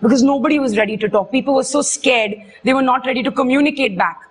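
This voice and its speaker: A young woman, earnestly retelling a personal experience in halting, emotional speech. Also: high-pitched, husky. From India. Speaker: witness giving testimony. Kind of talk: personal testimony.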